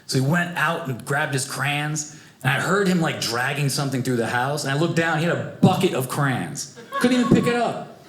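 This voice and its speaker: A young man doing a stand-up comedy set, animated and acting out the people in his stories. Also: mid-range voice, normal speed. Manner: animated, acts out voices of family and strangers. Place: comedy club stage with live audience. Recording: echoey club room, noisy audience.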